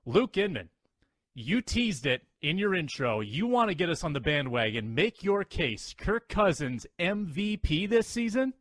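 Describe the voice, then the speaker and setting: A man's voice: a little high, sing-song, measured pace, fairly bright tone, dry recording, studio quality. Breathless upbeat male podcast host. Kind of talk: energetic sports podcast hosting.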